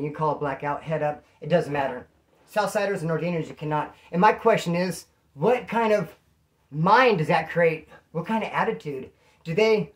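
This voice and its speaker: A man from California telling prison stories in casual slang, animated and acting out what people said. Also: fairly high pitch. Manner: streetwise slang, animated, acts out quotes. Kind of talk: casual storytelling to camera.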